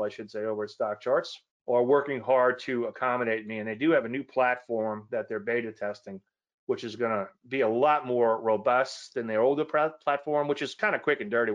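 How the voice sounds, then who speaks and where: A man giving a casual trading lesson, chatty and rambling, often correcting himself mid-sentence. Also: medium pitch. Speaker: trading educator. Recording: slightly dull lo-fi audio.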